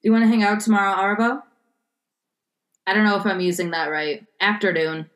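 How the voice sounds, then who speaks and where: A woman's voice: mid-range voice, fairly even intonation, a little fast, fairly bright tone. A woman from the United States in casual chat, quizzing a friend on slang and giving example sentences with a teasing manner. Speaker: quiz giver in a word game.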